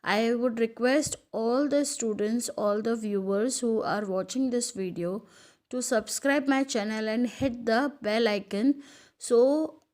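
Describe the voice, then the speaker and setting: A woman teacher giving a recorded school lesson, speaking slowly and carefully. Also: fairly high pitch, a little mellow. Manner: slow, careful, instructive.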